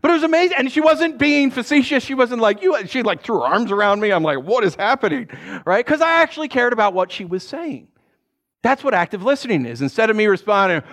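A man's voice: extremely high pitch, quick pace. A male pastor preaching a storytelling sermon, acting out dialogue and asking the audience "right?" as he goes. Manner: animated, acts out dialogue in his stories; conversational, asks the audience "right?".

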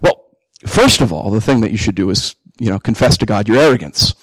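A male pastor preaching a sermon, animated, acting out the inner voices of believers. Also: lowish voice, brisk, no echo, rough recording. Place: church.

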